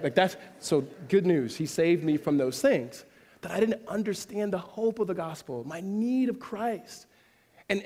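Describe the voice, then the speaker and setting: Animated male preacher in a reverberant hall. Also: on the high side. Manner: animated, conversational preaching with rising, emphatic peaks and laughter. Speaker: pastor. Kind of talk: sermon.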